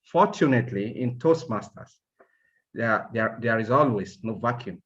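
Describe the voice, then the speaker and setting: A man's voice: mid-range voice, lively intonation, moderate pace, dull audio. A man firmly evaluating a speaking club meeting, insisting there are no excuses for lateness. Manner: firm, admonishing.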